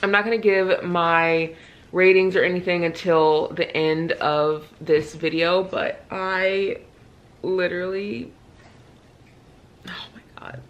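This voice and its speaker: A woman in her thirties talks to camera in a relaxed, rambling book-vlog style. Her voice sits slightly low, and she fills her sentences with "like" and "literally" as she goes. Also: slow pace, recorded from a distance, highs cut off. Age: 30s. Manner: chatty, fillers of "like" and "literally". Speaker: book vlogger. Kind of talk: casual chat to camera.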